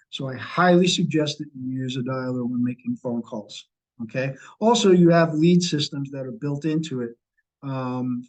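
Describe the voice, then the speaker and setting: A man's voice: mid-range voice, darkish tone, low-quality recording. A middle-aged man leading a sales training session over a video call, coaching and repeating key points. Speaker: real estate sales trainer.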